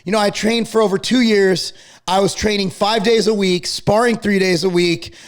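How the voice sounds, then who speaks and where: A middle-aged man ranting to camera about a feud, angry, profane and worked up to the point of yelling. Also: sits high, fairly even intonation, normal speed. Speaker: fitness company owner and channel host.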